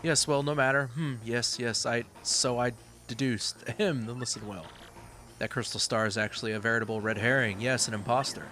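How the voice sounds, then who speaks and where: A pompous gentleman detective, as a man puts him on, full of theatrical self-importance and grand pronouncements. The voice sits in a middle pitch, with soft game music in the background. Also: steady tone, fairly quick, natural voice.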